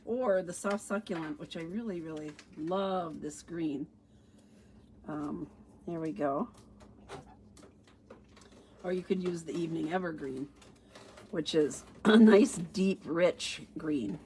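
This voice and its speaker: Slow-talking chatty woman, crafting demo. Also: low-pitched, darkish tone, slight background noise. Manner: chatty, thinks aloud, frequent fillers. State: sniffly with allergies, sneezing. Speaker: stamping demonstrator. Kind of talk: casual crafting livestream demo.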